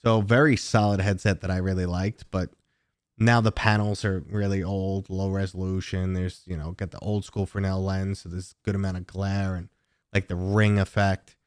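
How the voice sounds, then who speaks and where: A man with a New York accent, hosting a casual livestream and chatting with viewers in a talkative, relaxed way. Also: sits low, normal speed, clean tone, no room sound, clean studio sound. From New York City. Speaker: livestream host.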